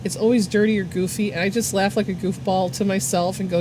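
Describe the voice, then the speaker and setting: A woman's voice: medium pitch, fairly even intonation, fast, background noise. A woman casually chatting on her art livestream, rambling with lots of fillers, swearing and laughing. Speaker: art streamer.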